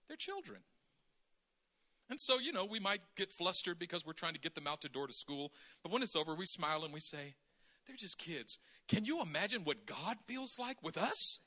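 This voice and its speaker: A male preacher with a high, very bright voice delivers an animated sermon. His pitch swings widely as he acts out little dialogues between people and God.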